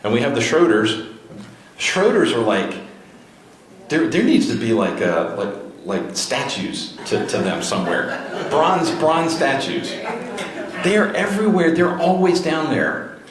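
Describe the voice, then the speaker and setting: A man's voice: mid-range voice, very animated, measured pace. A man giving a motivational talk to a live audience, urging them on with repeated rallying questions. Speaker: speaker at a grassroots political gathering. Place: event room with a crowd. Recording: very echoey room, faint noise.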